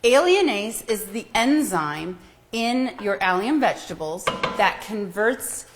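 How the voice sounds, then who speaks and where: A woman's voice: mid-range voice, big pitch swings, background noise. A woman co-hosting a live cooking show, chatting casually and explaining nutrition in an upbeat way. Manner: upbeat, quick asides and explanations. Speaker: co-host doctor explaining nutrition.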